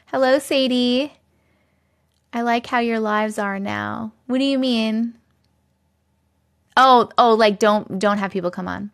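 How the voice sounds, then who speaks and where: A woman's voice: on the high side, takes it slowly, creaky, long pauses. A woman hosting a livestream from her basement on a regular microphone, chatting casually, laughing often and thanking viewers as she reads their comments aloud. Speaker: livestream host. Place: home basement.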